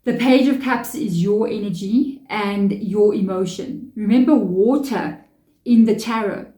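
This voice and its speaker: A woman's voice: medium pitch, unhurried. Chatty woman reading tarot, echoey room. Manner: chatty, animated, many fillers and self-talk. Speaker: tarot reader. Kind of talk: casual tarot reading to camera.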